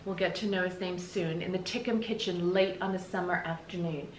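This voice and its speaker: A woman's voice: fairly low pitch, steady tone, brisk. A woman teacher reading a book aloud to children, explaining the pictures in a friendly way. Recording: echoey room with faint hiss.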